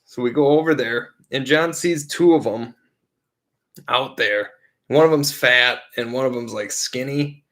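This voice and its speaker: A man's voice: medium pitch, unhurried, fairly bright tone. A young man co-hosting a podcast, telling a rowdy story in a rambling, profane way, full of fillers like "like" and "frickin'". He acts out his friends with changed voices. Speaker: podcast co-host. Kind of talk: casual storytelling.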